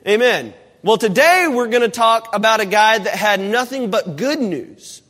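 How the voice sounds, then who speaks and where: A man preaching in a church, telling a humorous story with lively, animated delivery. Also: high voice, moderate pace, few pauses. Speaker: pastor. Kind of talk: sermon. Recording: long hall reverb.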